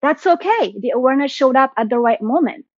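A woman speaking in an earnest, flowing way as a coach on a casual interview, leaning on "like" and "right?" as she goes. Her voice sits a little high. The audio is dull and lo-fi, with a dry sound. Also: fairly even intonation, quick pace, dry recording. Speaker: guest, coach for women and executives.

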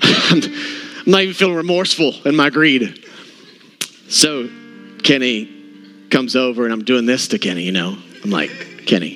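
A man's voice: mid-range voice, moderate pace, pauses often, faint music behind. A male pastor telling a funny, self-mocking story in a sermon, acting out what others said. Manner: animated, self-mocking, acts out quotes. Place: church service.

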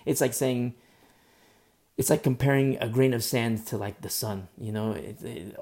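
A man preaching a sermon with a mellow, warm tone. He talks with passion and repeats lines for emphasis. He restarts phrases and drops in asides as he goes. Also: medium pitch, fairly even intonation, moderate pace. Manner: impassioned, repetitive, with many restarts and asides.

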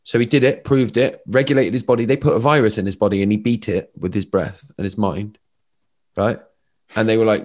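Lowish guy, rambly animated storytelling. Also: fast. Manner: animated storyteller, lots of fillers. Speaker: podcast guest. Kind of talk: casual chat.

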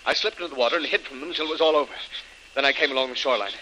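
A man voicing a frightened survivor blurting out bad news in a vintage radio serial. He talks extremely fast in an even mid voice, very bright and edgy, with no pause for breath. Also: mid-range voice, slight background noise, natural voice, rough recording. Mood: urgent. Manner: urgent, rushed reporting. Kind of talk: 1940s radio acting.

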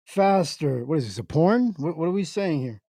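A man's voice: on the high side, sing-song, brisk, dark tone, no room sound. A man hosting an internet radio livestream, jokingly reading chat comments aloud and stumbling through words in playful confusion.

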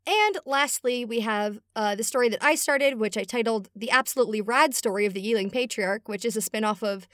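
A young woman in casual chat, introducing and reading fan stories, lively. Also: fairly high pitch, a little fast, no echo, studio quality. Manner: lively, laughs a lot. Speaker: co-host.

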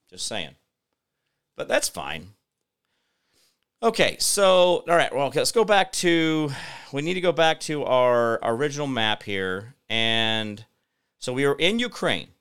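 A man's voice: a little high, fairly bright tone, smooth. A middle-aged American man hosting a solo political commentary show, rambling with sarcastic, mock-innocent asides. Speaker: host.

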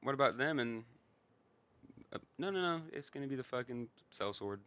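A man chatting casually, swearing a lot and mocking in an animated way. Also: medium pitch, normal speed, no echo. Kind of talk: casual chat.

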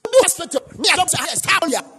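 High, fiery preacher man. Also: animated, rapid-fire, soft background music. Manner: shouted, chanting repeated declarations. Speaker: pastor. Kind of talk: fiery sermon mixing Twi and English.

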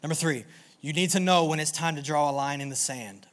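A man preaching a sermon to a live audience in an animated, energetic way, with call-and-response. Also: a little high, fairly quick. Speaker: pastor.

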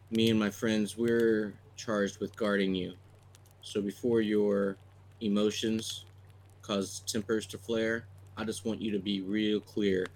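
A blunt, menacing guard, played by a man in a tabletop game, issuing threats in a clipped, level way. The voice sits low and barely moves in pitch. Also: a little mellow. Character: menacing adult male guard, cold and blunt.

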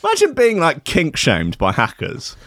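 A man in his thirties riffs crudely through casual comic chat, laughing often. His pitch leaps all over the place. The sound is dry and close. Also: wildly swooping pitch, moderate pace, a bit bright, no room sound. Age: 30s. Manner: crude, laughing, riffing banter.

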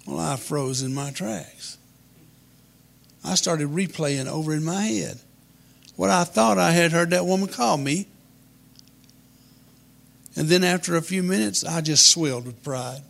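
A man, telling a humorous childhood story in a folksy, deadpan way. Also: on the high side, measured pace, vocal fry.

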